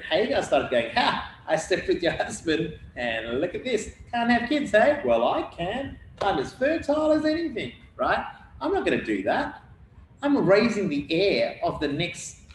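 A man with an Australian accent preaching a sermon as pastor, emphatic and acting out Bible dialogue, recorded in an echoey church hall. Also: on the high side. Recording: echoey hall, faint room noise.

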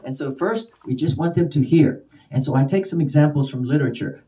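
Mellow-voiced male teacher, slightly distant. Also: a little high. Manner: repeats example words slowly with varied stress. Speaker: ESL teacher. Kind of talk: spoken lesson for teachers.

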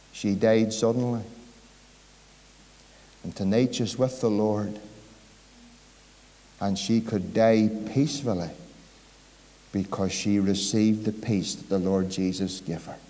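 Storytelling through an evangelistic sermon, a man with a Northern Irish accent climbs to emphatic peaks in a large church hall. His mid-range voice is mellow, and reverb from the hall colors the recording.

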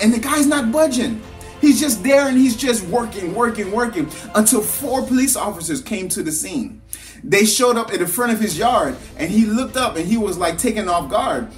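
An earnest motivational speaker talks in a mid-range voice, building each point through repetition with a preaching cadence. The delivery sounds like a parent passing on a lesson through a story. Faint music plays behind the voice. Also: mid-range voice. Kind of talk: motivational talk.

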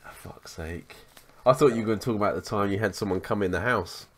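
A man's voice: on the low side, fast talker, a bit bright. Sweary man telling a story. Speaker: podcast co-host. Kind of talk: casual chat, storytelling.

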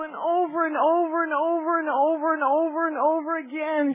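A woman preacher in full charismatic fervor, her voice soaring very high as she cries out and laughs amid the message. Her delivery is unhurried, lingering on each phrase. The live recording is thin and tinny, like a phone line. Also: steady tone, no room sound. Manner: shouting exclamations, laughing and crying while preaching. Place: large church meeting.

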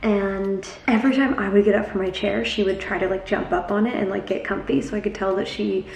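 A woman's voice: mid-range voice, fairly even intonation, brisk, gravelly. Young woman vlogger, tired and chatty, casual filler-heavy talk, faint background noise. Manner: chatty, lots of "like" and "um". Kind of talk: casual vlog chat.

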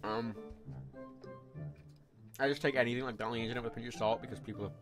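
A man's voice: mid-range voice, fairly even intonation, fast, over music. A man streaming live gameplay, rambling frankly and swearing as he reads chat and plays. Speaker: livestreamer.

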